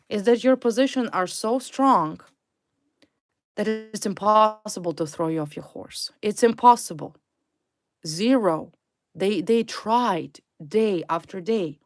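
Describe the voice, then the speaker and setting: A woman reading tarot cards to a viewer, blunt and emphatic, repeating her points and swearing freely. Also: mid-range voice. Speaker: tarot reader.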